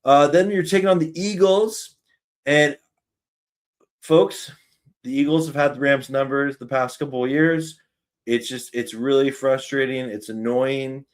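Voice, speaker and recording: A Canadian man hosts a casual sports talk stream, running through his predictions with an upbeat, chatty manner. His voice sits in a middle pitch, and he pokes fun at himself as he goes. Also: fairly even intonation, measured pace. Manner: chatty, upbeat, self-deprecating. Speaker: sports podcast host.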